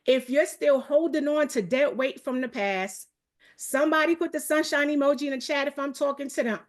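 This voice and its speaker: Running a live online coaching call about accountability, a woman from New York talks in a high-sitting voice with a New York accent. She moves fast, stirs up energy, and continually addresses her audience.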